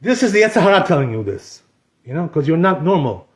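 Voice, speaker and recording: High-voiced rabbi in an echoey room. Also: male voice, big pitch swings, fast. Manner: conversational, constantly says "you know", mixes in Hebrew terms. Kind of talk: informal Torah class.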